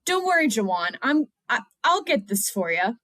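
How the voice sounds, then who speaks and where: A woman's voice: fairly high pitch, big pitch swings, moderate pace, a bit bright, no room sound. A woman co-hosting a podcast, recapping a TV episode with blunt, wry, profane comments. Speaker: podcast co-host. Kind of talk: casual recap chat.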